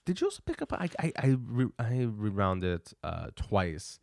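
A man's voice: lowish voice, big pitch swings, moderate pace, vocal fry, a little mellow. A man co-hosting a podcast, rambling through a casual film chat with jokes. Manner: rambling, laughing, jokey. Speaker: podcast co-host.

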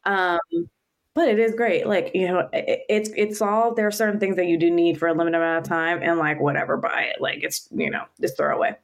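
A woman's voice: on the low side, fairly even intonation, a little fast. A woman in her thirties co-hosting a podcast, chatting casually and emphatically, laughing often. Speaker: podcast co-host. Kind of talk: casual chat.

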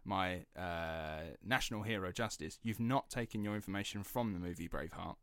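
A man co-hosting a podcast, chatting casually and excitably, with rambling restarts. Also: sits low, moderate pace, clear, resonant tone, no echo, studio quality. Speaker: podcast co-host. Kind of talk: casual chat.

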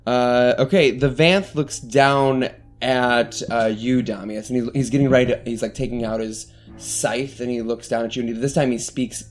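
A man narrates a tabletop game in a relaxed, descriptive way, dropping in fillers as he goes. His voice sits mid-range, and soft background music plays faintly behind him. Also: mid-range voice, normal speed. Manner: casual, descriptive, uses fillers. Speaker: game master.

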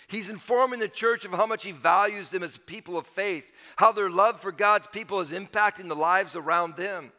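A man's voice: high-pitched, moderate pace, hardly any pauses, bright, forceful tone, in a large hall. A man preaching a sermon as pastor, emphatic and repeating his key phrases for the congregation.

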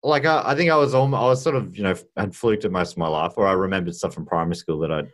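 A man's voice: low-pitched, rapid-fire. A man hosting a podcast, chatting casually with wry, rambling asides. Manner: rambling, self-interrupting, wry. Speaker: podcast host. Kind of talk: casual chat.

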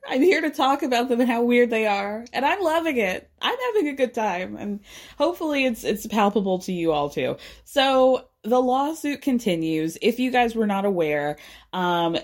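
A woman's voice: mid-range voice, darkish tone. Chatty, gossipy woman podcast host. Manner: chatty and gossipy, with frequent fillers and asides. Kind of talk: casual pop-culture chat.

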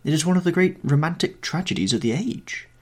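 A man's voice: a little high, animated, brisk, darkish tone, voice pushed up. A man voicing a vain, airy young aesthete. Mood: languid. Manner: airy, languid, dismissive. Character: young male aesthete, vain and coolly callous.

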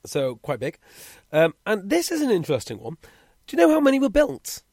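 Lively higher-voiced man in his forties. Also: a little fast, no echo, studio quality. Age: 40s. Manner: curious, quizzing the others. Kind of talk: casual chat.

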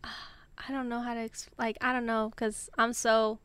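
A woman chatting casually on a podcast, her voice bright and crisp, close and dry on the mic. She rambles with fillers and teases her friends. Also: fairly high pitch, flat delivery, unhurried, no echo. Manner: chatty, teasing, many fillers. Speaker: podcast co-host. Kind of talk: casual chat.

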